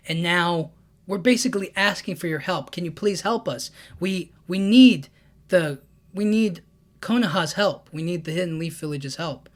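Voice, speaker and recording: A man voicing a worried grown ninja who explains a crisis haltingly and earnestly pleads for help. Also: sits high, a bit bright.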